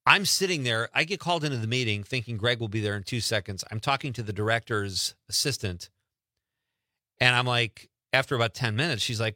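Bright-voiced chatty male host. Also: medium pitch, normal speed, dry recording, studio quality. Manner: chatty, joking, self-deprecating. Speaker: show host. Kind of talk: casual radio-style chat.

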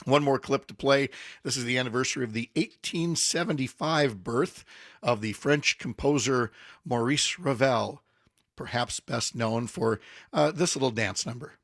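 A man's voice: mid-range voice, normal speed, a bit bright, dry recording. A man hosting a morning radio show, chatting casually and laughing often with his co-hosts.

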